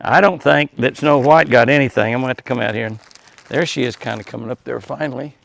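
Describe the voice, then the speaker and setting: Older man, folksy ranch vlogger, gravelly tone, recorded outdoors. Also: medium pitch, fast talker, fairly bright tone, dry recording. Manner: chatty, folksy, chuckles often, talks to animals. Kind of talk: casual outdoor vlog narration. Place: outdoors by an animal pen at dusk.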